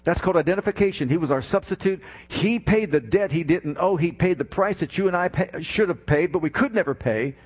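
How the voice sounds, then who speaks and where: Husky-voiced male preacher. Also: sits high, a little fast, hardly any pauses. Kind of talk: sermon.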